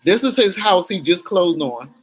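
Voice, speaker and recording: A woman's voice: lowish voice, lively intonation, normal speed, husky, rough recording. A middle-aged woman talking candidly to her camera in a chatty, emotional vlog, swearing casually as she goes. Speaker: vlogger.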